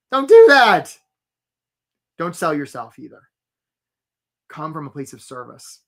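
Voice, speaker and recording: Energetic career coach, a man hosting a live webinar, chatty and quick to shout out attendees by name. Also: on the high side.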